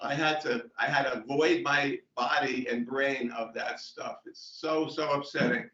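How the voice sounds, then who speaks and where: An older man, a performer at an online open mic, talking in a casual, unhurried, rambling way over a video call. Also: medium pitch, steady tone, bright, forceful tone, recorded from a distance. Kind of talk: casual chat and joke telling. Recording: roomy, dull video-call audio.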